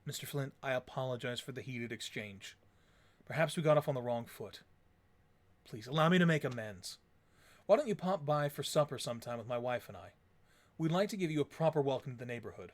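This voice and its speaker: A man's voice: mid-range voice, lively intonation, fairly quick, natural voice. A man voicing a polite, earnest middle-aged husband who pleads and worries.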